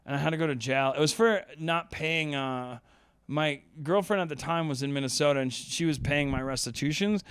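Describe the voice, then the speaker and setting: Male podcast host, young adult, loose rambling storyteller; smooth voice, dry close recording. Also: on the high side, fairly quick, fairly bright tone, no echo. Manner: rambling, lots of "like" and "um", laughs while telling. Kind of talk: casual storytelling.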